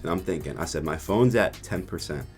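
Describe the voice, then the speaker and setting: Young male vlogger, low voice, rambling profane storytime, faint music underneath. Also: fairly quick. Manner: profane, rambling, animated retelling. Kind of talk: casual storytime vlog.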